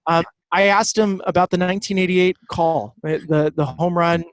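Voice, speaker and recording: A man from Southern California, a baseball broadcaster and guest, telling animated stories in casual chat. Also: sits high, normal speed, no echo. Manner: animated storytelling, fond of quoting others.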